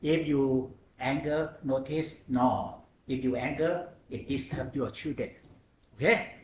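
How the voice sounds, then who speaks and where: A man giving a meditation talk, speaking slow, halting English in short phrases with pauses. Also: mid-range voice, reverberant, slight background noise. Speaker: meditation teacher. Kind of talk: dharma talk on mindfulness.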